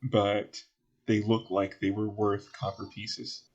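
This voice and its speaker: A man's voice: on the low side, monotone, takes it slowly, darkish tone, muffled recording. A man with a Southern US accent, narrating casually as game master and laughing between lines.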